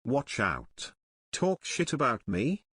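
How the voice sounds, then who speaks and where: A woman voicing a gruff, tough-talking woman who threatens anyone who insults her friends, slow and menacing. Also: a bass voice, huge pitch swings, a bit bright, no room sound, studio quality, pitched below the performer's own voice, heavily acted.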